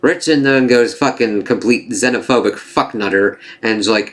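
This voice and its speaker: A man's voice: lowish voice, moderate pace, hardly any pauses, fairly bright tone. A man giving an opinionated spoken review of a TV series. He is blunt and exasperated, swears heavily, and slips into mocking voices when he quotes characters.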